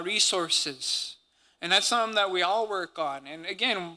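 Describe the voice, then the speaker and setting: Man from Montana, high and very bright voice, earnest conference speaker. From Montana, USA. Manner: earnest, conversational, peppered with native-language words. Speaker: symposium speaker and language teacher. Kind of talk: conference talk.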